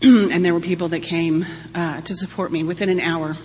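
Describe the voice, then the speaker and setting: A woman's voice: fairly low pitch, fairly even intonation, moderate pace, a little mellow, breathy edge. A woman in her forties giving a candid, humorous personal testimony to a meeting audience, often laughing as she talks. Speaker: speaker sharing at a recovery-group meeting. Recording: long hall reverb, faint hum.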